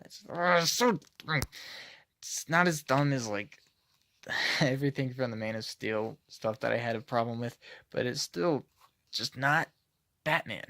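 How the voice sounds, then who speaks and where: A man's voice: medium pitch, a little slow, long pauses, bright, forceful tone, dry recording. A man giving a casual, critical comic book review, hesitating often and sighing.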